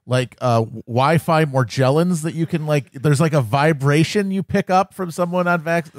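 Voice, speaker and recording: Deadpan male podcast co-host. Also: a little high, moderate pace, no echo. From Wisconsin. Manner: dry deadpan quips. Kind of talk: loose comedic chat.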